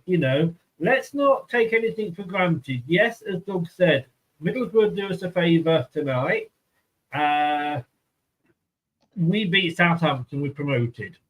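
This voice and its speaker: Man, Australian accent, host, casual chat, rambling, slightly high voice. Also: low-quality recording. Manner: rambling, easygoing, many fillers.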